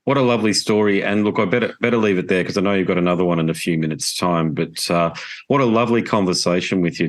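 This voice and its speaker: A man hosting an interview, wrapping up with appreciative, slightly rambling thanks. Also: low-pitched. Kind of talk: casual interview wrap-up.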